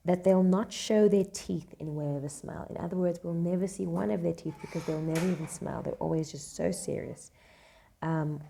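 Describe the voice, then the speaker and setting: Low, gravelly woman teaching Shakespeare. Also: steady tone, dark tone, a little hiss or hum. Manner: casual, reads lines slowly then paraphrases in slang. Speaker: English teacher. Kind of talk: explaining a Shakespeare scene line by line.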